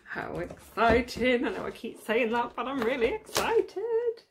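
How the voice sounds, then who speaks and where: A woman's voice: fairly high pitch, big pitch swings, measured pace. A woman giving casual unboxing commentary, gushing and often gasping with delight. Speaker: unboxing vlogger. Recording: plastic crinkling noise behind.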